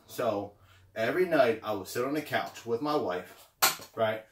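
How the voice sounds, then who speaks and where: A man's voice: mid-range voice, expressive, unhurried, distant mic, noisy background. A slightly winded man giving a casual, encouraging pep talk, often repeating himself and checking in with "okay" and "right". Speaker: motivational vlogger. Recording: roomy sound, away from the mic.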